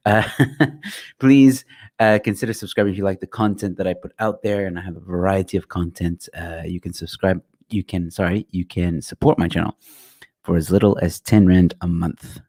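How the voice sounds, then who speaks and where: A man's voice: sits low, a little mellow. A young man hosting a casual livestream chat, jokey and rambling as he plugs his channel, on a good microphone. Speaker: livestream host. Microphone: good quality microphone.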